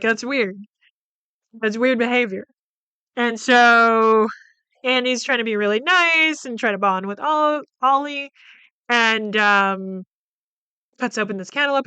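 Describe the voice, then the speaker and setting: Woman, podcast host, casual film recap, profane, clear voice, dry close sound. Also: mid-range voice, dry recording. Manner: profane, animated retelling with many fillers.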